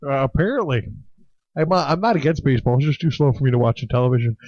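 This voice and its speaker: A man's voice: mid-range voice, lively intonation, very fast, dry recording. A man co-hosting a podcast in casual chat, laid-back, swearing and asking "you know what I'm saying". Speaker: podcast co-host. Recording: dull lo-fi podcast audio.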